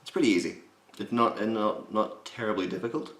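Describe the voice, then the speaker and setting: A man with a slight gravel in his voice, giving a casual, jokey voice impression tutorial and swearing freely. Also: fairly low pitch, brisk, a bit bright. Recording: roomy echo.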